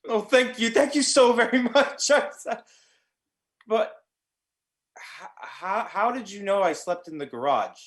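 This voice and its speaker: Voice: medium pitch, sing-song, unhurried, roomy sound. An actor playing a humble, grateful clerk and father who thanks his boss eagerly. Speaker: stage actor. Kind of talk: community theatre acting.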